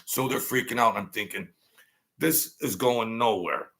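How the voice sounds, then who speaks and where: A man's voice: lowish voice, measured pace, a bit bright. A man telling stories from his past in a loose, rambling way, swearing freely and skipping details with "blah, blah, blah.". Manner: rambling and profane, fills gaps with "blah, blah, blah". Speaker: storyteller recounting his past. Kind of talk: casual spoken storytelling.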